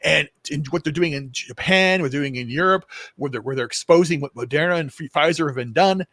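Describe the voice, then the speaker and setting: A man's voice: on the high side, fairly quick, a bit bright, no room sound, clean studio sound. A man hosting a casual political chat show, rambling with frequent restarts and repeated words, and swearing now and then. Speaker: show host.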